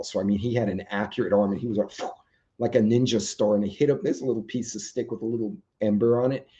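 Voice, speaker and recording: A man with a warm, fairly low-pitched voice hosts a laid-back live stream. He talks loosely with viewers, reads their comments aloud, and rambles with frequent ums, and the audio is dull and lo-fi.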